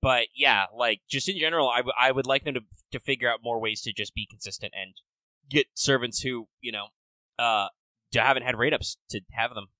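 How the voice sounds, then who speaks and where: A man co-hosting a podcast in casual chat, rambling and swearing with quick bursts of excitement. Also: medium pitch, no room sound, low-quality recording. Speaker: podcast co-host.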